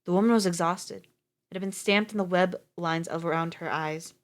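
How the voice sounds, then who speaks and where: A woman's voice: on the low side, steady tone, moderate pace. A woman streamer reading a story aloud live, breaking off for casual, swearing asides.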